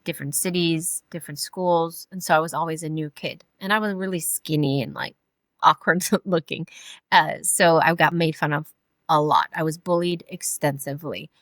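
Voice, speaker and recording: A woman in her forties from California, a podcast guest telling her life story in a halting way with many fillers and restarts. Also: sits low, a bit bright, dry recording. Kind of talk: personal storytelling in an interview.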